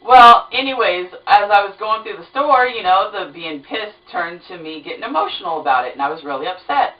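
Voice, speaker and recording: A woman's voice: medium pitch, a little fast. Chatty woman telling a story, roomy sound. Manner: chatty, animated retelling with lots of fillers. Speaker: vlogger. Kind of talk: casual storytelling to camera. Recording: roomy, distant, dull sound.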